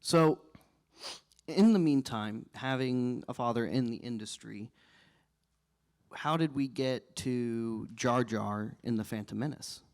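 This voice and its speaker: Slow-speaking male panel moderator. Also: mid-range voice. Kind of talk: interview question. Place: convention panel stage.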